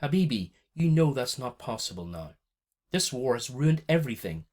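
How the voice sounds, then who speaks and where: Gentle, soothing mother , read by a male narrator; soft and calming. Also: mid-range voice, normal speed, pitched above the performer's own voice.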